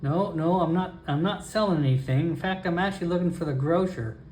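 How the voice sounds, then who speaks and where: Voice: mid-range voice, fairly quick, darkish tone, a little hiss or hum, lightly acted. A solo role-player voicing a polite, earnest male goblin traveler who stammers and hesitates, recorded in an echoey room.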